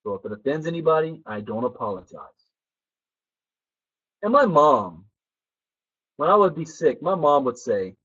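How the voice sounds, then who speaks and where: A man leads a motivational training session in a lively, animated way, acting out the people in his stories. His voice sits a bit high for a man. The recording is dull and lo-fi. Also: moderate pace, long pauses, breathy edge. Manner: animated storyteller who acts out quoted people. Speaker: personal development trainer.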